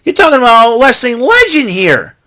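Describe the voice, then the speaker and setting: An American man hosting his own vlog, giving an excitable, rambling recap full of asides and restarts. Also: extremely high pitch, brisk. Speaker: vlog host recapping wrestling.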